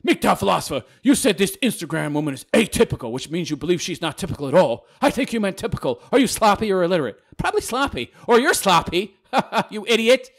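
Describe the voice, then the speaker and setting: A man ranting casually to camera as a video commentator, talking fast in a mocking, sarcastic way. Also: sits high, sing-song, creaky.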